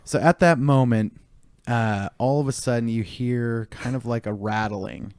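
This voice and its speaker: A man narrating as game master of a tabletop game, joking and relaxed. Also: medium pitch, a little slow, background noise.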